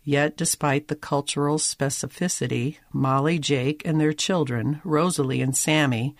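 A man giving scripted narration of a magazine feature, with a measured, articulate reading and wry emphasis. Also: fairly high pitch, steady tone, no echo, studio quality.

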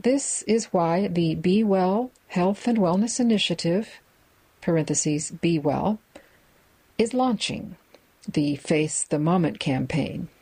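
A woman reading a magazine aloud in a measured way, describing its photos with the odd aside. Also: lowish voice, dark tone, breathy edge, low-quality recording. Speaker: reader of a magazine for listeners.

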